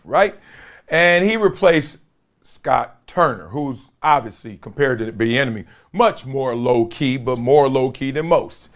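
A middle-aged man hosting a sports talk show, commenting casually and playfully, laughing often and mimicking coaches. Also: medium pitch.

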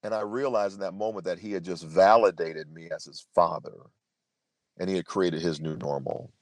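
Deep-voiced man telling his story earnestly. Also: normal speed, darkish tone, no room sound. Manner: earnest, emphatic storyteller with frequent restarts. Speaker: podcast guest, speaker. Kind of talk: storytelling interview answer.

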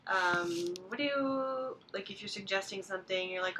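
A woman's voice: lowish voice, moderate pace, few pauses, sharp tone, slight background noise. A woman guesting on a language podcast, explaining usage in a casual way full of "like" and "um". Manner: casual, lots of fillers and "like". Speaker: guest co-teacher. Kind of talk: casual lesson chat.

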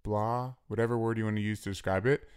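A man co-hosting a casual chat with his partner, talking in a relaxed way and acting out quoted lines. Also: on the low side, fast, smooth.

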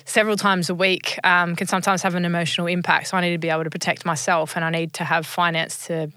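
Earnest woman, bright and even. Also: fairly low pitch, fast, smooth, no room sound. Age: 30s. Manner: earnest, reflective, frequent ums. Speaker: guest. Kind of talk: personal storytelling in an interview.

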